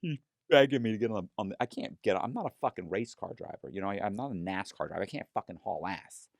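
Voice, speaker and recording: Low-voiced man telling a lively, profane story. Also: fast talker, creaky, no room sound, clean studio sound. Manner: animated, profane storytelling that acts out other people's lines. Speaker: guest telling his story. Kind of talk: casual storytelling interview.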